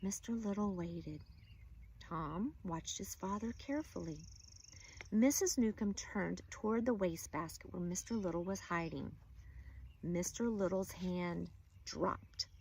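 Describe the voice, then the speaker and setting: A woman teacher reading a children's chapter book aloud, expressive and engaging. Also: on the low side, measured pace, breathy edge. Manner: expressive storyteller.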